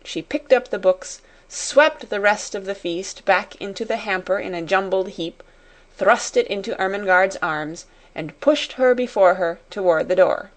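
A woman reading a classic story aloud in a measured, expressive way. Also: mid-range voice. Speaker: audiobook narrator. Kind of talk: scripted storybook narration.

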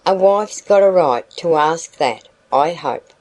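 Storybook matron, sharp-tongued and suspicious, prim scolding, voiced by a woman; low, mellow tone. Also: lively intonation, takes it slowly, rough recording. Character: severe suspicious older wife, sharp-tongued.

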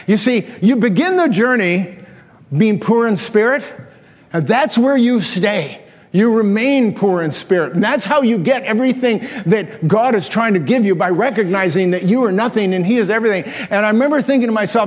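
Man, 60s, pastor, storytelling sermon, self-deprecating, high voice, long church-hall reverb. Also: lively intonation, brisk. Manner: folksy, self-deprecating, chuckles while telling stories.

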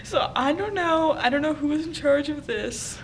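A woman's voice: high voice, normal speed, a little hiss or hum, low-quality recording. A young woman co-hosting a podcast in casual, playful chat, often laughing as she jokes. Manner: giggly, playful, joking. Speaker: podcast co-host.

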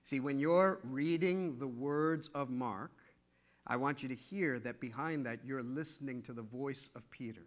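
A middle-aged male pastor preaching a sermon with animated, repetitive storytelling. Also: mid-range voice, normal speed.

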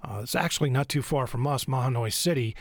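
A man hosting a radio talk show and interviewing guests, halting with frequent fillers. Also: mid-range voice, no echo.

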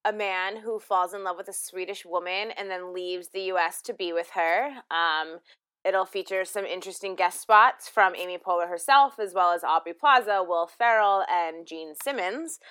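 A woman's voice: on the low side, normal speed, a bit bright, clean tone. A woman co-hosting a podcast in casual chat, blunt and matter-of-fact as she presents a news item.

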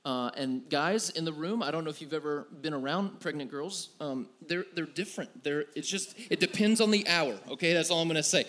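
A man's voice: fairly high pitch, fairly quick, few pauses, fairly bright tone. A man in his thirties preaching to a room, telling a personal story in a candid, self-deprecating way with many fillers. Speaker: youth pastor. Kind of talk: sermon.

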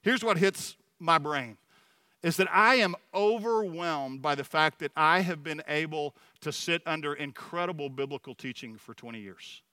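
Earnest middle-aged man preaching, bright and clear. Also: fairly high pitch, moderate pace, no echo. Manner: earnest, personal storytelling with frequent restarts. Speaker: church leader speaking at a Sunday service. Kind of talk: sermon.

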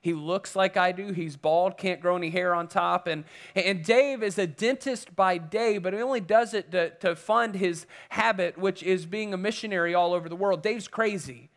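A man with a notably high voice preaches, drifting from prayer into a personal story. He talks conversationally, circling back and restarting sentences as he goes. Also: normal speed, few pauses, fairly bright tone. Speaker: pastor. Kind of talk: sermon storytelling.

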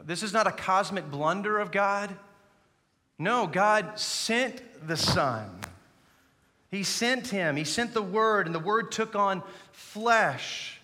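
Man, pastor preaching a sermon, earnest, fairly high voice, bright tone, church reverb. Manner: earnest preaching, leads the congregation in reciting. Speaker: associate pastor. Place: church sanctuary. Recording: long reverb of a church hall.

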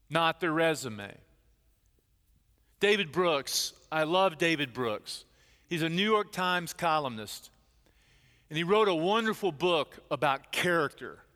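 Pastor, male, high and bright tone, animated storytelling sermon, long church reverb. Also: clear, resonant tone. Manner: animated storyteller, acting out quoted voices.

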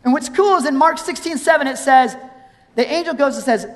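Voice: high-pitched, brisk. A pastor preaching a sermon, retelling scripture as a story and acting out its scenes. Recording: long hall reverb.

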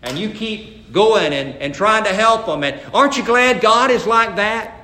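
A man preaching a folksy sermon, stammering into restarts and loudly acting out the people in the story. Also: high-pitched, expressive, unhurried, echoey room. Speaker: pastor.

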